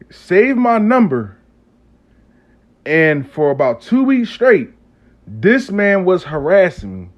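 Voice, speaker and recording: A man telling a long casual story to camera, swearing freely and acting out the dialogue. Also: on the high side. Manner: profane, conversational, acts out dialogue.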